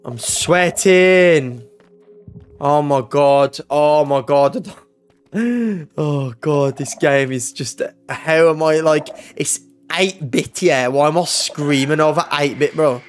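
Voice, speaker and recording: A young man gives loud, panicky live commentary over a game, screaming, swearing and calling out to his chat. His voice sits a little high. Faint music plays behind him. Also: takes it slowly. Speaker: gaming YouTuber.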